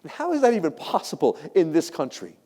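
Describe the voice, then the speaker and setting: A middle-aged man giving an animated, joking keynote talk, telling stories and acting out the voices of the people in them. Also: on the high side, a little fast. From United States. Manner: animated, jokey, acts out quoted voices. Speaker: keynote speaker. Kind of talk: motivational keynote storytelling. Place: large hall before a live audience. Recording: long hall reverb.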